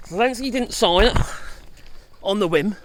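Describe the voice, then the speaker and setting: A man's voice: high voice, normal speed. A middle-aged man chatting casually and sarcastically on a dog walk outdoors, full of exclamations. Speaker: channel host. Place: outdoors walking dogs.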